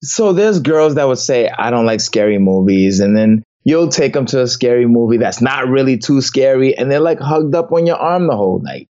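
A man's voice: medium pitch, lively intonation, normal speed, few pauses, a little mellow. A man in casual chat, easygoing and chuckling as he talks about dates. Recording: dull lo-fi sound.

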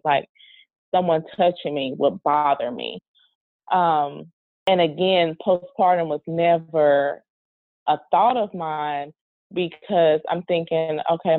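Woman, personal story, halting, earnest, phone-like tinny sound, dry. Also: deep voice, no echo.

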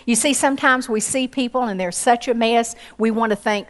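A woman's voice: brisk, few pauses. Impassioned woman preaching a sermon. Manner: impassioned, rising to high exclamations; acts out quoted voices in her storytelling.

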